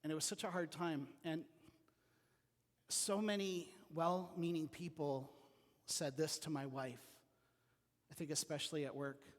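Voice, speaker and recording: A man preaching a sermon as pastor, telling personal stories in an earnest way that drops to a quiet voice. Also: on the high side, steady tone, a little slow, long pauses, long reverb tail. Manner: earnest storytelling with quiet dips. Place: church sanctuary.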